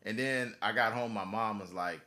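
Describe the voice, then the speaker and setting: A man's voice: on the low side, normal speed, pushed and bright. A man in his thirties hosting a podcast, telling a story in a casual, profane way and laughing as he goes. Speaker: podcast host.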